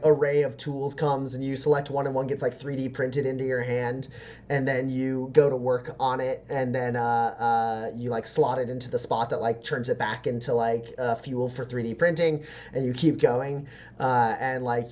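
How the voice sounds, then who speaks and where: A man's voice: medium pitch, lo-fi sound. A man running a tabletop game as game master, narrating in a rambling, filler-heavy way. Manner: rambling, many fillers, laughs often.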